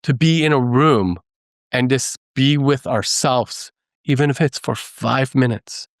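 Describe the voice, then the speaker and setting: An animated man talks in a casual podcast conversation, self-deprecating and quick to act out the voices of the people in his stories. His voice sits at a middle pitch for a man. The sound is dry and close, with no room echo. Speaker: guest. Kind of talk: conversational storytelling.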